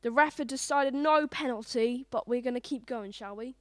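A woman giving playful, excited sports-style commentary on a family table game. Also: on the high side, normal speed, dry recording. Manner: excited, animated.

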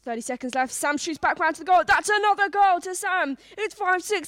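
A woman giving playful, excited sports-style commentary on a family table game. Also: very high voice, fairly quick, hardly any pauses, no room sound. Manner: excited, animated.

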